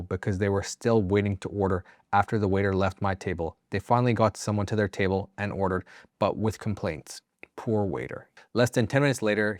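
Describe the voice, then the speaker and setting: A man's voice: fairly low pitch, a little mellow, dry recording, clean studio sound. A man reading online stories aloud as a channel host, breaking in with casual, profane, joking asides. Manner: casual, swears freely, jokey asides. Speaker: story narrator and channel host.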